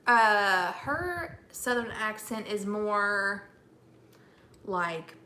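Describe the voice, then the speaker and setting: A woman co-hosting a homestead channel, chatting casually and telling stories with lively laughter. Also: mid-range voice, very slow. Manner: animated, laughing storyteller. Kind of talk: casual chat.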